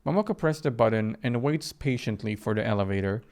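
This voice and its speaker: A man reading a visual novel aloud for a let's play, in a low, hesitant voice. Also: lively intonation, brisk, a little mellow.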